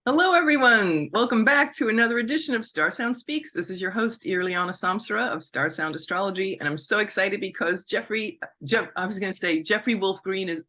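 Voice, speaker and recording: A woman's voice: medium pitch, expressive, fairly quick, few pauses, sharp tone. Effusive woman hosting a podcast. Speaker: podcast host. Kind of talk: casual podcast introduction.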